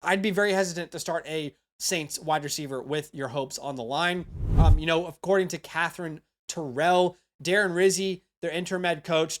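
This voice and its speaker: A man's voice: fairly high pitch, fairly bright tone. A man hosting a fantasy football show, talking through picks in a loose, chatty way with lots of asides to the viewer. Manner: chatty, frequent "you know" and "all right?" asides. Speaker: fantasy football analyst host. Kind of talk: casual scripted-free sports analysis.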